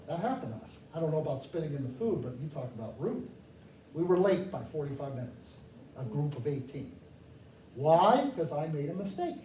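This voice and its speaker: A man from the United States giving a lively, joking talk to a live audience, often asking them questions. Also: fairly high pitch, fairly quick. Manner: animated, joking, asks the crowd questions. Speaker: speaker addressing a live audience. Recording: echoey room, mic far off, faint noise.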